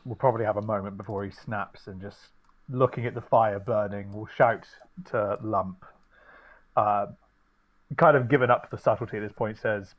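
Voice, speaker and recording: A man's voice: fairly low pitch, fairly even intonation, normal speed, dull audio. A man playing a tabletop game, describing his character's actions with many fillers. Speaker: player.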